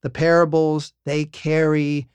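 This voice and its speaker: A male podcast host with a smooth, clear voice, recorded close and dry. He laughs often and works his thoughts out as he speaks, with frequent restarts. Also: fairly high pitch, completely flat delivery, a little slow, darkish tone, no room sound. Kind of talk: casual podcast conversation.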